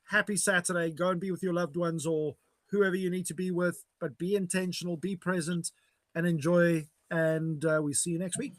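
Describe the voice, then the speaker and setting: A man's voice: high-pitched, little pitch movement, normal speed, no room sound. A man hosting a casual online chat, talking in a chatty, upbeat way over a video call. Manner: chatty, upbeat sign-offs. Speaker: host.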